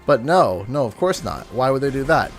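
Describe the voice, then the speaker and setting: A man's voice: medium pitch, very animated, moderate pace, faint music behind. A man from Canada chatting casually while live-streaming a video game, playfully exaggerated and sing-song when he complains. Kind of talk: gaming livestream chat.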